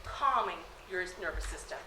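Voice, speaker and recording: A woman working as a high school athletic trainer, talking casually to students, often asking "okay?" and laughing. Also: expressive, normal speed, noisy background. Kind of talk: classroom talk to students. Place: school room. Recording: echoey room.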